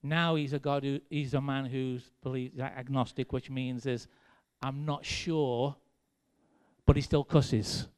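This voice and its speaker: A man's voice: medium pitch, steady tone, takes it slowly, a little mellow, clear, resonant tone. A man with an English accent preaching a sermon in a conversational, self-deprecating way, with dry sarcasm. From England. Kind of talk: sermon with personal stories.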